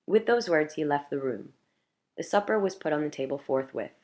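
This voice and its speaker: A woman reading a classic short story aloud in a measured, clear narration. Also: deep voice, darkish tone. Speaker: audiobook reader.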